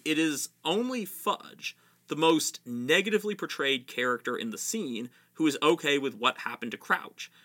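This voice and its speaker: A man's voice: medium pitch, pushed and bright. A man narrating an analytical video essay about a fantasy book series. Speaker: literary analyst.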